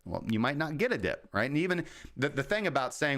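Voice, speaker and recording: A man who hosts a livestream and talks through crypto markets in an informal, explaining way. He often acts out traders' thoughts in quick asides. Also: medium pitch, big pitch swings, fairly bright tone. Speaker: crypto market analyst, host. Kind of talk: casual livestream market commentary.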